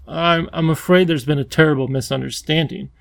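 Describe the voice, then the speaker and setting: A courteous, anxious professor explaining himself with care, voiced by a male narrator. The voice has a gravelly grain and a dry, close sound. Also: a little high, fairly even intonation, brisk, no echo. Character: earnest, polite male professor, a scientist.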